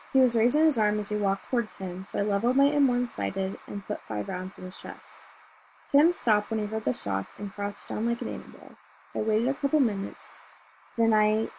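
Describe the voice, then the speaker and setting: A woman reads a novel aloud in first person, keeping a steady, measured storytelling pace. Her voice is fairly high with a noticeable gravelly fry. There is a faint hiss in the background. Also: rough recording. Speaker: audiobook reader.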